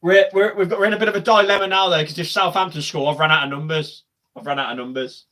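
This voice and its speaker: A young man with a bright, fairly high voice, talking through a live football match for his stream. He chats loosely to viewers, then bursts into loud, cheering shouts when play heats up. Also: little pitch movement, fast talker. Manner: chatty, swings to loud shouting at goals. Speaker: football watch-along streamer. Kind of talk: live match watch-along commentary.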